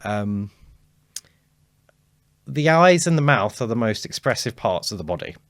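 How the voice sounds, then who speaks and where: A man, a speaking coach talking as a guest in a casual podcast conversation, animated and acting out quotes. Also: lowish voice, measured pace, dry recording, clean studio sound. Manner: animated storyteller, acts out quotes.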